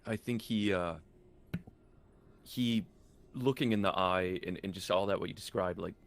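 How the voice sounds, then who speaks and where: A man playing a tabletop role-playing game, describing his character's actions in a halting way, restarting and thinking aloud as he goes. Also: low-pitched, gravelly. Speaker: player.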